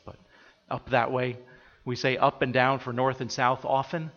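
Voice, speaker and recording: Man preaching in a reverberant hall. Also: mid-range voice. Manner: earnest, reflective preaching with soft pauses. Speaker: pastor. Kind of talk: sermon. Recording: dull audio with long hall reverb.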